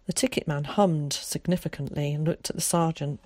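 A woman narrating an audiobook in a calm, measured way. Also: sits low, no echo, clean studio sound.

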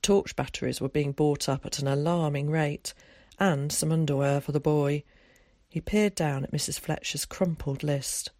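An audiobook narrator reading a novel in a measured, even storytelling manner. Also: mid-range voice, dry recording, clean studio sound. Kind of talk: scripted narration.

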